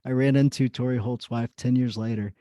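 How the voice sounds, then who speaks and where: A man's voice: mid-range voice, steady tone, a little fast, mellow, no room sound. A man hosting a podcast, telling a personal story in casual chat, rambling with many fillers. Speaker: podcast host.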